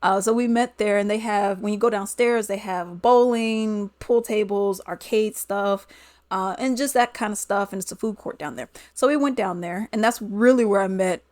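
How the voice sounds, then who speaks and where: A woman's voice: medium pitch, moderate pace, no echo. Chatty woman telling a dating story. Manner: chatty, laughs often, animated retelling. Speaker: vlogger. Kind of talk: casual storytime.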